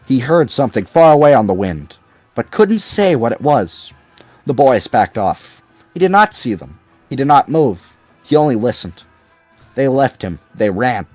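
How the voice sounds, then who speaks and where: A man's voice: mid-range voice, very animated, moderate pace, a little mellow, no echo, soft background music. A man reading a novel aloud expressively as audiobook narrator. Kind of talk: scripted narration.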